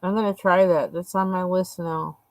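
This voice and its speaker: A woman chatting casually as a co-host, relaxed and laughing along. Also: lowish voice, moderate pace, no echo, poor audio. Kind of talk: casual chat.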